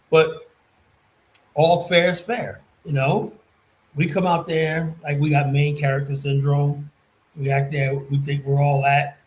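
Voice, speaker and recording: A man's voice: fairly high pitch, poor audio. Rambling, profane male streamer. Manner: rambling, profane, swings between muttering and loud emphasis. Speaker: streamer and commentator. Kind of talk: casual storytelling monologue.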